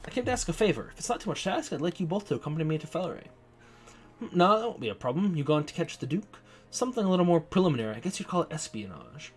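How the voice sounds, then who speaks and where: A man voicing a composed noble woman knight in a video game, polite and measured. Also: fairly high pitch, very animated, faint music behind. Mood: earnest.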